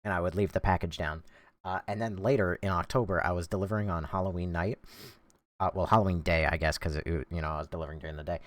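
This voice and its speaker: Recorded dry with studio quality, a low-voiced man streams a video game, talking fast as he reads chat. He keeps up lively, jokey, chatty commentary on his gameplay.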